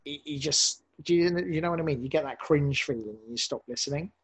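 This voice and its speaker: A man, a podcast director, talking casually in an interview, animated and rambling with many restarts. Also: a little high, brisk, slightly rough, low-quality recording.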